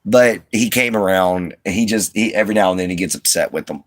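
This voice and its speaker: Sitting low in pitch and talking briskly, a man with a slight Southern twang chats easygoingly with his livestream viewers from an RV. He rambles, restarting often and leaning on fillers. He's from the Southern US, and the audio has no echo.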